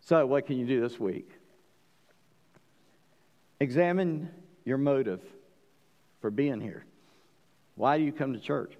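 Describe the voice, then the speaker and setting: A man preaching a sermon as pastor, emphatic, swinging between loud declarations and quiet asides, asking the congregation questions. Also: mid-range voice, slow pace, long pauses, long reverb tail, muffled recording. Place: church.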